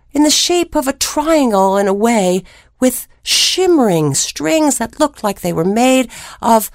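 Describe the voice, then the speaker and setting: A woman storyteller spins a fairy tale at a slow, unhurried pace. She is expressive and dramatic, with long pauses and playful sound effects, recorded dry and close. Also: on the high side, no room sound. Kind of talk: oral storytelling.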